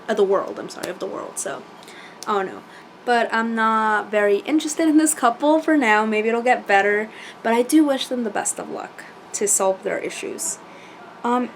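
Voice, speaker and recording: A woman chatting casually as she recaps a reality show, animated and full of fillers and quoted asides. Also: medium pitch, slight background noise.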